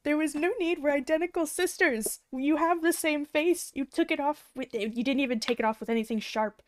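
A woman's voice: high voice, fairly quick, no room sound, clean studio sound. A woman streaming a horror game, squeamish and nervous, repeating words and laughing often through a headset mic.

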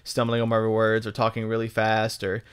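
A man's voice: lowish voice, completely flat delivery, fairly quick, clean tone. Rambling, profane young man from Texas. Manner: rambling and profane, full of ums and restarts. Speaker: gaming YouTuber. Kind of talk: casual commentary over gameplay.

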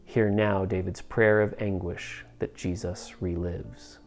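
A man reading scripture aloud at a church service in a slow, solemn, dramatic way. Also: deep voice, fairly even intonation, darkish tone, soft background music. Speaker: scripture reader.

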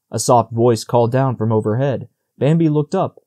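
A man reads a storybook audiobook aloud in a steady, measured way. His voice is mellow and relaxed, set at an ordinary middle pitch for a man. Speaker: audiobook narrator. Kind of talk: storybook narration.

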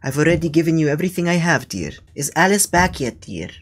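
A man's voice: fairly high pitch, sing-song, fast, slightly rough. A man voicing a fussy, scolding old grandmother on a prank phone call, who ends nearly every line with "dear" and rambles. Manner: says dear constantly, scolding, meandering. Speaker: scambaiter.

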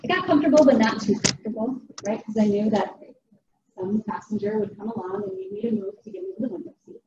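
A woman's voice: medium pitch, quick pace. A middle-aged woman from Wisconsin giving a talk to a meeting, telling a funny story in a chatty way and often asking "right?". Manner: chatty, humorous, keeps checking in with "right?". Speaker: guest speaker. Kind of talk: storytelling presentation. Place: meeting room. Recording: distant, roomy, dull and noisy.

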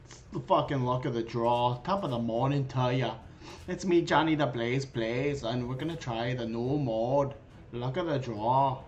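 A man's voice: mid-range voice, unhurried, a little hiss or hum. Hyped young man streaming a game. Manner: hyped, goofy, swearing, puts on a mock leprechaun voice. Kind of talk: casual gaming stream chat.

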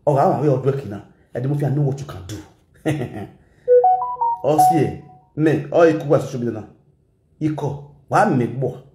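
A man with a Nigerian Pidgin English accent giving animated gossip commentary, switching languages and mimicking people. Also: mid-range voice, echoey room. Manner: animated, mixes Pidgin and Yoruba, shouts and mimics. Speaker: gossip vlogger. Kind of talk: excitable commentary vlog.

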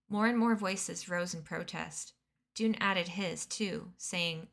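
A woman's voice: fairly low pitch, measured pace, vocal fry, fairly bright tone. Woman reading a novel aloud. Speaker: reading streamer.

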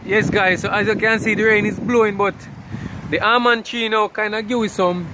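A man's voice: high voice, steady tone, moderate pace, background noise. A man with a Jamaican accent vlogging to camera outdoors under a tree in the rain, chatty and laughing often. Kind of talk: casual vlog talk to camera.

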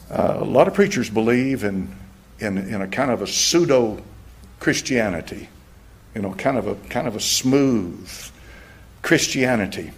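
A man preaching from the pulpit with a low, husky voice. He swings from loud, rising passages down to hushed, almost whispered lines, in the manner of a church sermon. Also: expressive, unhurried. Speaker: pastor.

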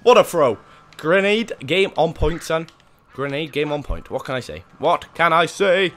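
A man hosting gameplay commentary, excitable and swinging from muttering to yelling as he plays. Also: on the high side, moderate pace. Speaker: gaming channel host.

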